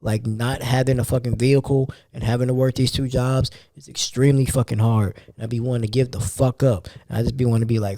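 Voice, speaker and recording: Podcast host, young man, tired, slangy casual delivery, mellow dark tone, dry close sound. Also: mid-range voice, fairly even intonation, quick pace, few pauses, no room sound. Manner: street slang, loose and conversational. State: tired, yawning. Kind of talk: casual monologue.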